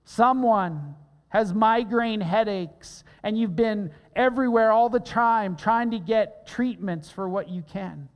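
A pastor preaching a sermon in an earnest, emphatic way, repeating key phrases for weight. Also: male voice, high-pitched, takes it slowly. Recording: long reverb of a large hall.

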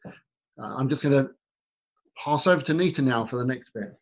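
A man's voice: mid-range voice, moderate pace, muffled recording. A man giving a sermon, telling a story in a hesitant way with many fillers and restarts. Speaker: preacher.

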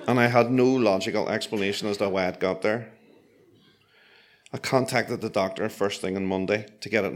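Brief: man, lowish voice, dry deadpan storyteller, self-mocking comic timing.

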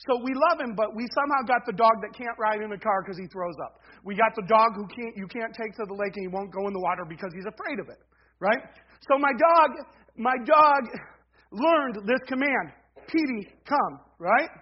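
A man's voice: high-pitched, a little fast, highs cut off. A male pastor preaching a conversational sermon, peppering it with "right?" and hammering home repeated refrains.

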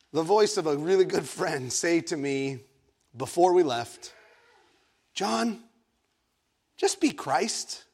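A man from Egypt preaching a sermon, telling a story in an animated, playful way with self-mocking asides. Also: fairly high pitch. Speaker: pastor.

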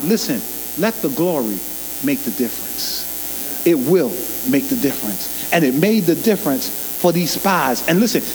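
A man preaches with a high, lively voice that leaps up and drops down. His folksy, colloquial sermon keeps turning to the crowd for call-and-response. Long hall reverb rings around him over a faint mains hum. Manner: colloquial, loose grammar. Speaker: pastor.

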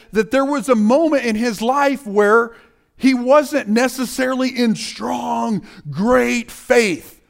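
A man giving a conversational sermon, talking directly to the listeners as guys and often restarting his phrases. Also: very high-pitched. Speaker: preacher.

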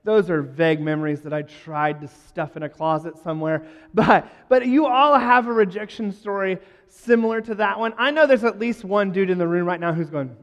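A man with a light, high-pitched voice tells self-deprecating stories to a crowd, breaking into joking asides. His voice carries a long reverb, as from a large hall. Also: brisk. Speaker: speaker addressing a live audience. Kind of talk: humorous talk to a crowd.

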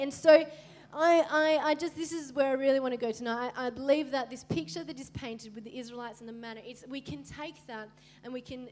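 A young woman with a high, bright voice preaches to her congregation. She talks in a lively, conversational way and slips into dramatized voices for the people she quotes. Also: fast talker. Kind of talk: sermon.

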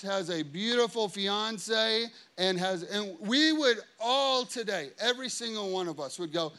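A male pastor in his thirties delivers a sermon with a high, bright voice. He tells stories animatedly and acts out what people said, then turns earnest and confessional. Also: slight background noise. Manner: animated storytelling, acting out quotes.

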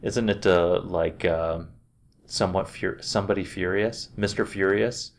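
A man's voice: deep voice, steady tone, measured pace. A man with a Canadian accent chatting casually on a podcast, teasing his friend and laughing often. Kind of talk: casual chat.

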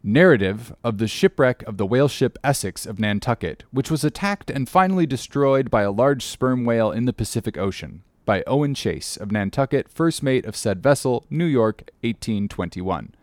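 A man narrating an audiobook in a measured, formal reading manner. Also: medium pitch, expressive, a little mellow, dry recording.

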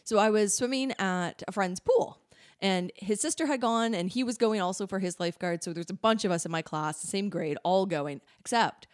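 A young adult woman co-hosting a casual podcast, her voice sitting at an ordinary middle pitch. She rambles through personal stories in a chatty way, full of "like" fillers and quick laughs. The recording is close and dry, with no room sound. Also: no echo. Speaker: podcast co-host. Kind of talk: casual chat.

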